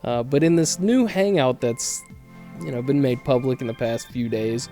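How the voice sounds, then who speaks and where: A man hosting his own commentary video, talking haltingly with fillers and the odd sigh. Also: medium pitch, darkish tone, soft background music. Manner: hesitant, with fillers and sighs. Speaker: YouTube commentator.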